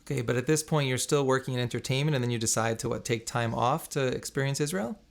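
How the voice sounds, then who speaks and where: A man interviewing a guest, asking quick, conversational follow-up questions. He speaks at a brisk pace in a mid-range voice. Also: mid-range voice, gravelly. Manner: conversational, probing follow-ups.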